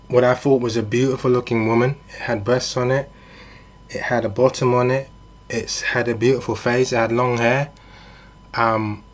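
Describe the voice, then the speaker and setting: A man's voice: medium pitch, dull audio. Man talking through hypotheticals. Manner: conversational, with frequent fillers and restarts. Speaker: vlogger. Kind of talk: casual monologue with hypothetical scenarios.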